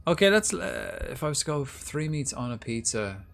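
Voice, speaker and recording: A man's voice: on the high side, sing-song, a little fast, vocal fry, a bit bright, a little hiss or hum. A man livestreaming a video game, chatting casually and rambling as he thinks aloud. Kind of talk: casual gameplay commentary.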